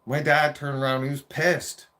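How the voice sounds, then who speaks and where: A man's voice: fairly high pitch, little pitch movement, moderate pace, pushed and bright. A man in his forties telling a rambling, profane childhood story in a casual rant.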